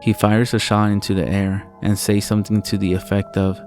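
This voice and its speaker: A man with a very deep voice reads a first-person horror story, swearing often. His delivery is level and flat, barely rising or falling. A soft music bed plays behind him. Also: fairly quick. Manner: low, steady storytelling with frequent swearing.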